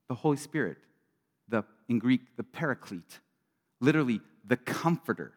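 A middle-aged man preaching a sermon as a pastor, talking earnestly and conversationally, swinging between loud bursts and quiet drops. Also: medium pitch, animated, moderate pace. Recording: long reverb of a large hall.

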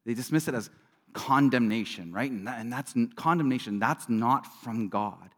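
A middle-aged man preaching a sermon as a pastor, talking earnestly and conversationally, swinging between loud bursts and quiet drops. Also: mid-range voice, moderate pace. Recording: long reverb of a large hall.

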